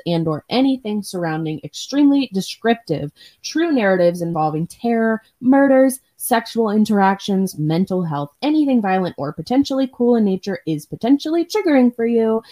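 A young woman co-hosting a casual podcast over a video call, swearing freely and laughing often as she chats. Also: on the high side. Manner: animated, profane, laughing often. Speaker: podcast co-host.

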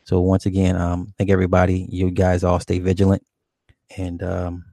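A man's voice: sits low, completely flat delivery, moderate pace, mellow, no room sound. A man hosting a call-in show, telling a childhood story in a laid-back, profane way and laughing often. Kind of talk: casual late-night call-in storytelling.

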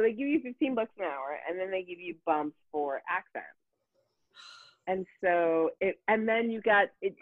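A woman's voice: lowish voice, no echo. A woman tells a story in loose, casual talk. Her voice swings widely, and she swears often and restarts her sentences. The sound is thin, dry and tinny, like a phone line. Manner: animated, profane, frequent fillers and restarts. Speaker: guest.

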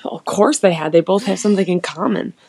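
A woman's voice: on the low side, fairly quick, darkish tone, breathy edge. A woman co-hosting a podcast over a call, reacting to her co-host's story with questions and squeamish comments. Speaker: podcast co-host. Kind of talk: casual chat, reacting to a story. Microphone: remote call recording.

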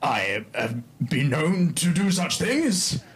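A man's voice: on the high side, big pitch swings, slow pace, breathy edge, exaggerated voice. A man doing a proud, indignant old adventurer. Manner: stately, formal old-fashioned speech. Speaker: player. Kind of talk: in-character tabletop role-play.

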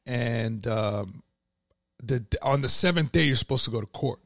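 A man's voice: medium pitch, a little slow, no room sound, studio quality. A man telling his own story in a casual, profane, streetwise way, full of "like" and "you know".

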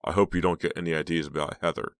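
A man's voice: low voice, fairly even intonation, fast talker, dry recording, clean studio sound. A man voicing a rude, pompous uncle who lectures in a condescending way.

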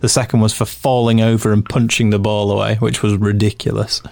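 A man co-hosting a casual football podcast, reading out stats and lists in a steady, measured way. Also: on the low side, vocal fry, dry recording. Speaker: podcast co-host.

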